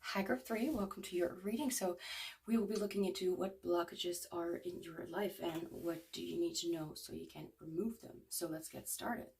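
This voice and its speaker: A woman's voice: on the low side, normal speed, vocal fry, a little mellow, distant mic. A woman in her twenties giving a casual tarot reading to viewers, rambling with lots of fillers. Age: 20s. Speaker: tarot card reader.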